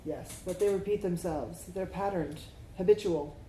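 A woman's voice: fairly low pitch, moderate pace, mellow. A woman meditation teacher giving a reflective dharma talk, drawing answers from the group and often checking in with "right?". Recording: echoey room, faint background noise.

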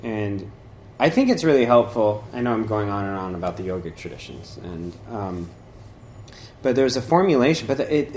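A man's voice: fairly low pitch, a little mellow. Guy rambling thru a laid-back spiritual talk, lots of "you know", slight room hiss. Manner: rambling, with many fillers and restarts; acts out voices while telling a story. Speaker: dharma talk speaker.

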